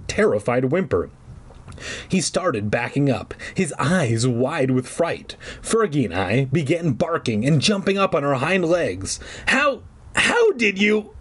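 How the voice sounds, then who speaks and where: A man's voice: medium pitch, breathy edge. A man reading a children's horror book aloud, breaking off for irreverent, swearing jokes. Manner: irreverent, swearing, joking asides. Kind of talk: comedic book reading with asides.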